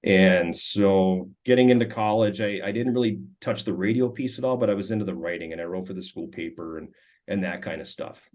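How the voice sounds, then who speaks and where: A man in his forties from Minnesota talks through old stories in a relaxed, chatty interview. His voice sits fairly low, and he keeps stumbling over his first words and restarting. He tells it like a former player chatting over tea. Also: brisk. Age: 40s. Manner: relaxed, frequent stammered restarts. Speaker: guest, former hockey player and radio color commentator. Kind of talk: casual storytelling interview.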